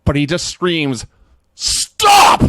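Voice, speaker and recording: A man with a fairly high, lively voice tells stories in a casual chat and laughs often between lines. He sounds close to the mic, in a dry room. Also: a little fast, no room sound. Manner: laughing storyteller, acting out quotes. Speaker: podcast co-host.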